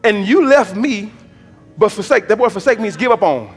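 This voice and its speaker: A male preacher delivering a sermon. He swings from low murmurs to shouted, drawn-out exhortation and repeats phrases in a rhythmic preaching cadence. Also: expressive, slightly rough, long reverb tail, soft background music. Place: church hall.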